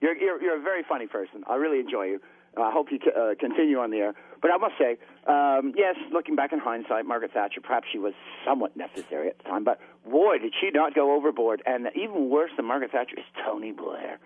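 Man, radio caller, tipsy and rambling, quick talk, tinny phone line. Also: medium pitch, animated, no room sound. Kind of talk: call-in chat.

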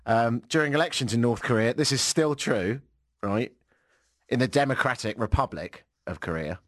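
A man's voice: mid-range voice, normal speed, a bit bright, no room sound, clean studio sound. A man hosting a radio show in casual chat, with a wry, sarcastic way of talking.

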